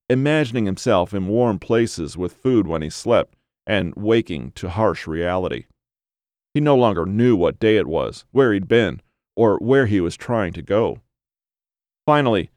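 Man, narrator, horror story, very deep voice, measured, grim, dry close sound. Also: a little mellow, no echo.

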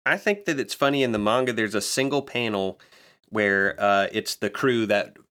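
A man co-hosting a podcast in casual chat, calmly recapping scenes and reading out lines. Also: on the low side, normal speed, clear, resonant tone. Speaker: podcast co-host recapping a manga.

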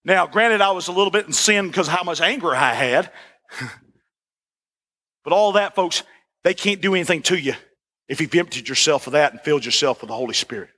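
A man preaching a sermon as the pastor, folksy and animated, repeating "listen" and asking for "amen". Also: a little high, a little fast, pauses often, husky.

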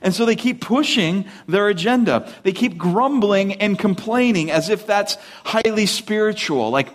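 A man preaching a sermon, animated, asking rhetorical questions and acting out the voices of complainers. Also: sits high, normal speed, few pauses. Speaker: pastor.

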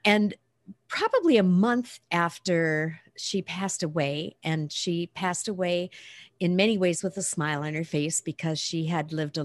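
Low-voiced woman telling stories earnestly. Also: dry recording. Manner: reflective, earnest storytelling. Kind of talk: casual podcast conversation.

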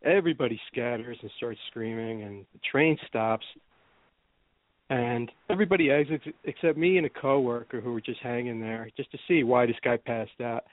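A man's voice: medium pitch, moderate pace, no room sound. Storytelling man on a tinny line. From New Jersey. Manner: rambling storyteller, laughs often. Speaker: podcast host. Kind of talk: casual chat. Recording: tinny phone-like sound, dry.

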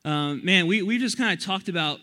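Bright-voiced, energetic young man preaching. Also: high-pitched, a little fast. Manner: energetic and chatty, with frequent restarts. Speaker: youth pastor. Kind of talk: youth sermon with storytelling. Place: church youth service.

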